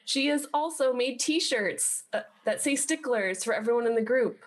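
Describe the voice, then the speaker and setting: A woman's voice: a little high, expressive, moderate pace. A woman player describing her character's plans in a casual, chatty way.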